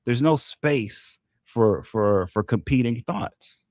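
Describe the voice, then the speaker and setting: Animated male political commentator. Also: mid-range voice, unhurried, no echo, studio quality. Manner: animated, emphatic, repeats himself. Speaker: show host.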